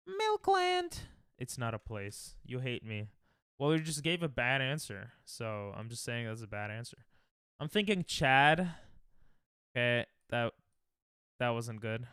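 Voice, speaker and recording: A young man from the United States streams a geography guessing game in a mid-range, slightly bright voice that's clear and resonant. The sound is clean studio audio with no room sound as he chats casually, thinks aloud and trash-talks his chat.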